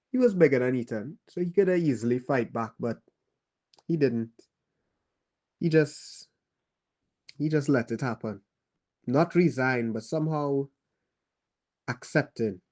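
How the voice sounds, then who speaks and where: A man with a Trinidadian accent playing a weary male survivor who tells a child about the war in a grave, halting monologue. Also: mid-range voice, warm tone, close to an everyday voice. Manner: halting, grave, pauses and restarts. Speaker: storyteller. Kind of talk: dramatic monologue.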